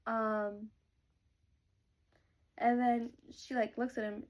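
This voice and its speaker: A woman's voice: on the high side, little pitch movement, slow. A woman chatting casually as she reads a novel aloud, gushing and full of fillers. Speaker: book reader reacting to a novel. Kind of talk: casual chat mixed with reading aloud.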